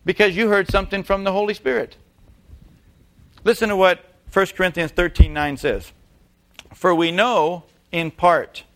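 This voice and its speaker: A man's voice: high-pitched, a bit bright. A man preaching a sermon, emphatic and repeating key phrases, putting rhetorical questions to his congregation. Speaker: pastor.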